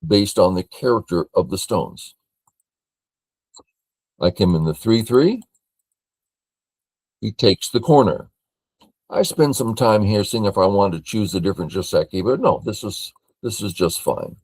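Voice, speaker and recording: An older man from California reviewing a board game as a teacher, thinking aloud in a slow, matter-of-fact way. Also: on the low side, expressive, darkish tone, husky, no echo.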